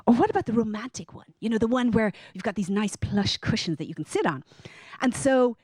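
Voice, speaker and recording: A middle-aged woman with an Irish accent, telling a personal story to a live audience in a lively, animated way. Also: fairly quick, no room sound. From Ireland. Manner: lively, animated, acts out quoted lines in a higher voice.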